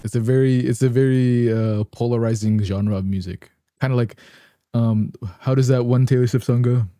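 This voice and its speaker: A man's voice: fairly even intonation, normal speed, dry recording. A man chatting playfully to viewers, joking around and laughing often. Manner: playful and joking, sings snatches of songs badly on purpose; laughs often, gets loud and high when amused. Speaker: streamer reacting to videos. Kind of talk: casual chat to viewers.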